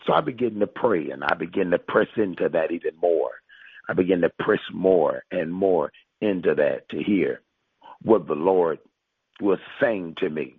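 A man's voice: sits low, expressive, moderate pace, slightly rough, no room sound. A male pastor preaching and prophesying to listeners on a conference call, emphatic and repetitive, drawing out key phrases. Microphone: phone line. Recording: tinny phone line.

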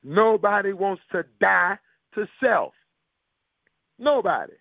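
High-pitched preacher on a tinny phone line. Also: male voice, lively intonation, slow pace, vocal fry, no echo. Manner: forceful, rhythmic repetition, rhetorical questions. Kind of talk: sermon over a conference call. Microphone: phone call.

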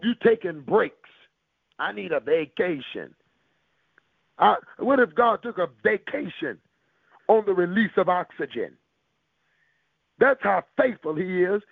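A man's voice: sits high, expressive, unhurried, creaky, long pauses, husky, no room sound. A man preaching a sermon to listeners on a call, driving his points home with rhythmic repetition and rhetorical questions. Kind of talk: sermon over a conference call. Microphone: phone call. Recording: tinny, dry phone line.

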